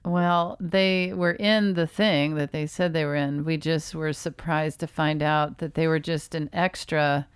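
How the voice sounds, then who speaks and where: Hiccupping woman telling a dry, halting story. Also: low-pitched, fairly even intonation, clean tone, no room sound. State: has the hiccups. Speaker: podcast co-host, comedian. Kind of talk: casual storytelling chat.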